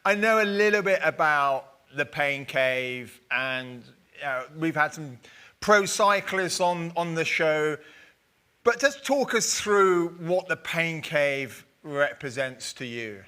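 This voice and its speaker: A man's voice: a little high, expressive, takes it slowly, bright, forceful tone, smooth. A man hosting a podcast interview, chatty and self-deprecating in a casual conversation. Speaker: podcast host.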